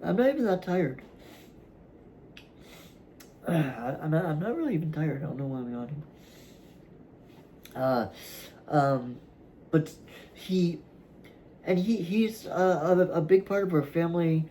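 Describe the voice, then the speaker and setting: Man, vlog host, casual monologue at home, hesitant restarts, warm relaxed tone, yawning now and then. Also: on the high side, slight background noise, low-quality recording. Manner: halting and rambling, many fillers and restarts; yawning at times. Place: room at home.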